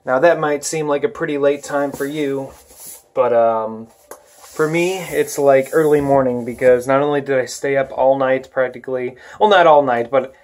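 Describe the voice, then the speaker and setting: A man's voice: mid-range voice, darkish tone, dry recording. A tired, worn-out young man vlogging casually into his phone camera, rambling with lots of fillers and restarts. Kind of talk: casual vlog talk.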